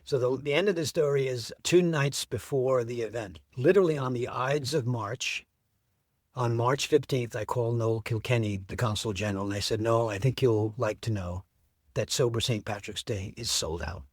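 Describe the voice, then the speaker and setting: A man's voice: mid-range voice, moderate pace, no room sound. Man, middle-aged, interview guest, enthusiastic storyteller, dry close sound.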